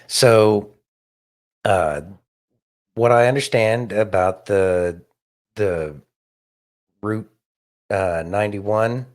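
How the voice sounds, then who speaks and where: A man with a fairly low voice talks casually on a podcast. He is thoughtful and hesitant, and he fills his pauses as he works out what he means. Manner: thoughtful, hesitant, many fillers. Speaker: podcast co-host. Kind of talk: casual chat.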